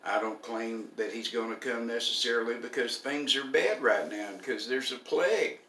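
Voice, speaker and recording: A man's voice: mid-range voice, moderate pace, pushed and bright, roomy sound, distant mic, slight background noise. An older man preaching a sermon in a folksy, humorous way.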